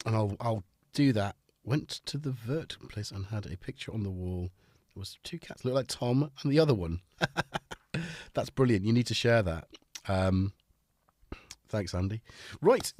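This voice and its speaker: A man's voice: on the low side, a little mellow, no room sound. A man hosting a casual live stream, chatting and joking with viewers and greeting them by name.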